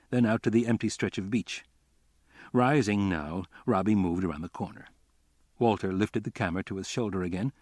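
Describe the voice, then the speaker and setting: A male audiobook narrator with a low voice reads scripted narration. The recording is dry, with clean studio sound.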